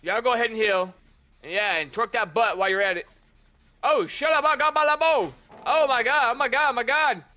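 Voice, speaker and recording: Male streamer, very high and piercing voice, chatty and teasing in casual gameplay commentary. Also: a little fast, sharp tone. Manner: chatty, teasing taunts at opponents. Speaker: gamer streamer.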